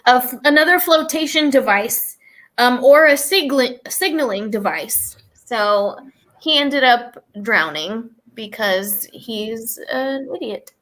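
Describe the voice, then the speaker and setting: A woman's voice: fairly high pitch, animated, slow pace, a bit bright, slight background noise. A woman co-hosting a podcast, telling a true story in a rambling casual way with many fillers and restarts. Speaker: podcast co-host.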